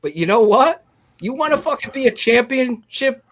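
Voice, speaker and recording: Male co-host, fiery profane ranter, high bright voice, on a video call. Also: lively intonation, moderate pace. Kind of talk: post-game rant on a live show.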